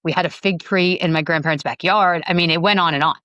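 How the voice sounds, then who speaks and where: A woman in her forties from Long Island, New York, telling her story as a podcast guest in a lively, chatty way, full of fillers. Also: fairly low pitch, quick pace, no echo, dull audio. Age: 40s. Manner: animated, acts out quoted dialogue, many fillers. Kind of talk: casual storytelling interview.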